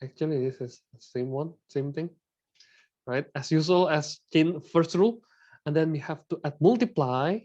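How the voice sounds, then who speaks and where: A man's voice: fairly high pitch, moderate pace, a little mellow. Indonesian-accented male math teacher, lo-fi. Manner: explains step by step, often adds "right?"; switches between English and Indonesian. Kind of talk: classroom math lesson.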